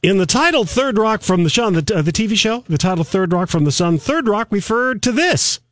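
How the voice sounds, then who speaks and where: Male radio quizmaster, halting delivery, lively pitch, slightly high. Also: no echo, studio quality. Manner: halting, with many fillers and restarts. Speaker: radio host running a trivia quiz. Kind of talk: casual radio banter.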